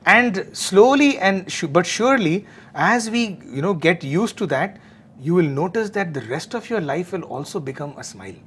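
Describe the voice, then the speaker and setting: A man's voice: sits high, very animated, moderate pace, fairly bright tone, slight background noise. A man talking earnestly and casually about meditation and staying cheerful, often saying "you know". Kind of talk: casual spiritual conversation.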